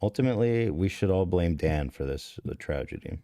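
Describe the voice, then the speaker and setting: A man with a low, deep voice tells a confessional story on a podcast. He rambles, swears freely and cuts himself off mid-sentence. The sound is close and dry. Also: expressive, normal speed, dark tone, no room sound. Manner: rambling, profane, self-interrupting. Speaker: podcast host.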